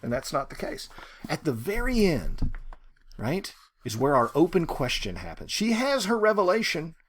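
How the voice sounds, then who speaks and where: A man teaching a short story, talking in an animated, rhetorical way and often checking in with "right?". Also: on the high side, moderate pace. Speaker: literature teacher.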